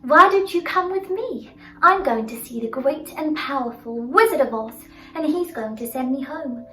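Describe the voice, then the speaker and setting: A woman's voice: high-pitched, lively intonation, moderate pace, pushed and bright, far from the mic. A woman voicing a kind, cheerful young farm girl who eagerly invites new friends along. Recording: roomy sound from off-mic, faint music.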